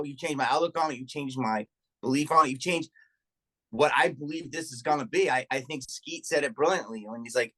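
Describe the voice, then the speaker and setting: A middle-aged man, a comedian and podcast guest, telling profane, animated stories in casual chat and acting out what people said. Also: mid-range voice, fairly quick. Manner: profane, animated anecdote telling with acted-out quotes.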